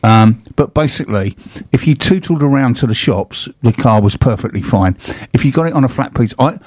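A man's voice: mid-range voice, animated, fairly quick, a little mellow, no room sound. A man hosting a casual chat, telling rambling stories with restarts and laughs. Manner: chatty anecdotes, frequent restarts and laughs. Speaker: host.

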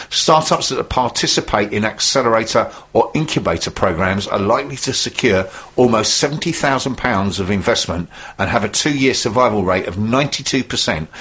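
A man hosting a business radio show, reading news items in a brisk, jokey way. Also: lowish voice, fairly bright tone, husky, muffled recording. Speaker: radio host.

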